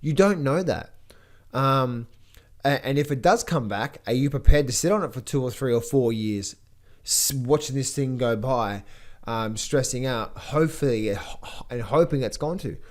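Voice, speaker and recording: A man's voice: mid-range voice, normal speed. A man giving casual market commentary as a trading educator, blunt and rambling, with many repeated words.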